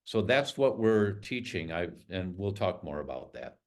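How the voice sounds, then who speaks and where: A man's voice: low-pitched, measured pace. Older man telling a heartfelt story. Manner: emotional, animated storyteller acting out dialogue. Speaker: guest speaker. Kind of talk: personal storytelling in an interview.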